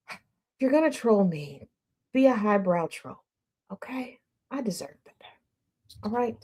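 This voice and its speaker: A woman's voice: medium pitch, darkish tone. A woman hosting an internet radio show, chatting casually with her audience, teasing them and laughing often. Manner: talks straight to the audience. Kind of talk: casual livestream chat.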